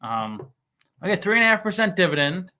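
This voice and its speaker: Bright-voiced man chatting about stocks. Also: sits high, big pitch swings. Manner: halting, stammering restarts and many fillers; reads scam email aloud mockingly. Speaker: stock commentary YouTuber. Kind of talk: casual chat.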